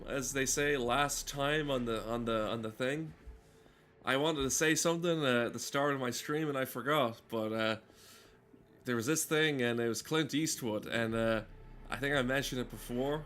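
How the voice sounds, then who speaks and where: Deadpan rambling man. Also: medium pitch, a little slow. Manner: deadpan, rambling, heavy with "uh" fillers. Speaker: streamer. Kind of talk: casual rambling comedy chat while gaming.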